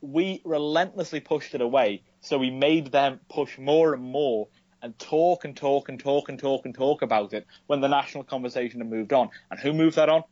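A man's voice: mid-range voice, moderate pace, darkish tone, dry recording, highs cut off. A man co-hosting a podcast, ranting about politics in heated, sweary casual chat. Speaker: podcast co-host.

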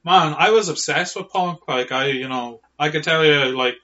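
A man's voice: fairly high pitch, moderate pace, bright, forceful tone. A young man from rural Ireland with an Irish accent, co-hosting a casual podcast chat in a rambling, jokey way that slips into funny voices. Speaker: podcast co-host, comedian. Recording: dull lo-fi recording.

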